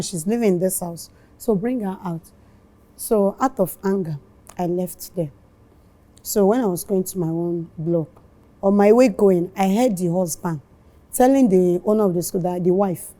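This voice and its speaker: A woman with a Nigerian accent recounting an incident as a mother being interviewed, animated and tearful, acting out the dialogue. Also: mid-range voice. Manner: animated, reenacts dialogue in Pidgin.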